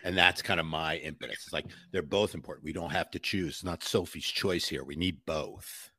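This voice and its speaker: A man's voice: extremely low pitch, a little fast, sharp tone, husky. A man giving an interview, telling stories emphatically and mimicking the people he quotes. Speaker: podcast guest. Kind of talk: conversational interview.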